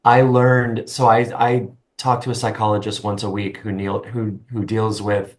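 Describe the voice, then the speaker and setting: A middle-aged man, a guest in an interview, speaking earnestly with halting restarts. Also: lowish voice, flat delivery. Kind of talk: conversational interview.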